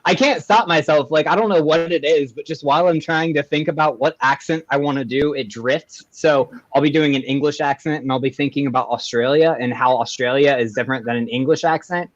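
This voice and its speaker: A man's voice: on the high side, a little fast, few pauses, no echo, lo-fi sound. A man hosting a live online talk show, reading out viewer greetings and joking around. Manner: playful, reads out viewer greetings. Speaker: podcast host. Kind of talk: casual live-show chat.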